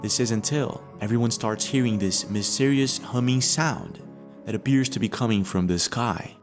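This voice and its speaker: A man narrating a mystery video from a script, in a measured storytelling manner with leading questions. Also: medium pitch, music in the background.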